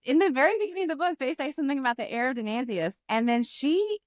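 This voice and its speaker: A woman co-host in a casual book podcast speaks in a fairly high voice. She retells scenes with animation and slips into quoting the characters. The sound is dry and close. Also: lively intonation, quick pace, dry recording.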